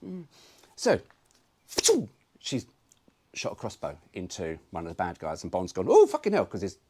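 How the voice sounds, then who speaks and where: A man's voice: low-pitched, sing-song, unhurried, background noise. A man hosting his own car video, chatting casually with cheeky, sweary jokes. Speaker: car vlogger.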